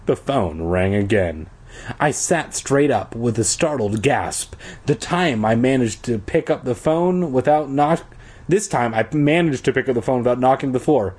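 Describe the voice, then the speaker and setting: Husky man reading a story aloud casually. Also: medium pitch, animated, a little slow, a little mellow. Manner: informal, with asides and self-corrections. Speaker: reader.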